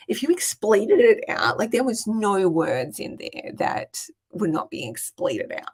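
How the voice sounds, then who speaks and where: A woman's voice: mid-range voice, sing-song, unhurried, hardly any pauses, slightly rough. A woman with a regional Australian accent, chatting casually and swearing freely while hosting a live Q&A. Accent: Australian, regional Queensland. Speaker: business coach hosting a Q&A.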